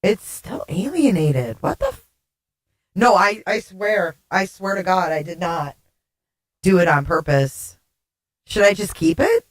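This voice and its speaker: A woman's voice: medium pitch, very animated, a little slow, long pauses. A woman hosting a casual livestream, chatting with viewers by name, giggling and flustered while swearing casually, her voice run through a glitchy voice changer that makes her sound alien. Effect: glitchy voice changer making her sound alien. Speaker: livestream host. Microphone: desktop streaming mic.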